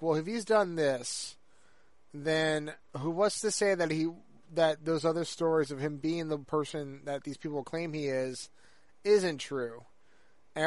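Dry audio captures a male podcast co-host whose voice sits on the high side at normal speed. He chats casually, rambling with lots of filler words and restarts.

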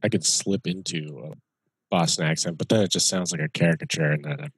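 Deep husky podcast guest man. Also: fairly even intonation, quick pace. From Massachusetts. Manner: dry, self-deprecating humor. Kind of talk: casual podcast chat over a video call. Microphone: video call.

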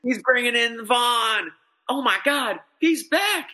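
Bright-voiced excitable man chatting sports. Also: very high-pitched, slow. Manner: excited, rambling, many restarts. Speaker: podcast co-host. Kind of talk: casual sports chat.

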